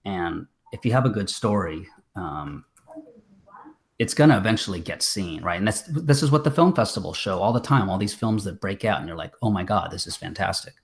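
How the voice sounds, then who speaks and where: A man's voice: on the low side, animated, moderate pace. A man, a filmmaker guest, chatting casually on a video call, rambling with many fillers and restarts. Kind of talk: casual interview chat.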